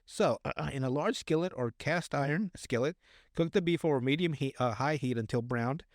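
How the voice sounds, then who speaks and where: A man with a mid-range voice speaks at a moderate pace in a dry, clean studio recording. He's co-hosting a podcast, reading recipes aloud in casual conversation while stumbling over words and cracking crude jokes.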